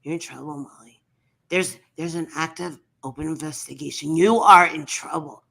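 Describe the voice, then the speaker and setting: A woman mimicking another woman streamer, in a mocking, erratic, sing-song impression with a much lower voice than her own. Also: moderate pace, gravelly, a bit bright, exaggerated voice. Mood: menacing.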